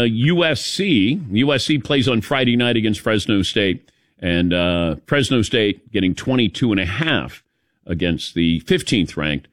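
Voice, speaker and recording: An older man hosting a sports talk show, spinning anecdotes with easy chuckles. His pitch rises and falls freely, and the voice sounds dry and close to the mic. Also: no echo. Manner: animated storytelling, chuckling asides. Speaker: sports radio host.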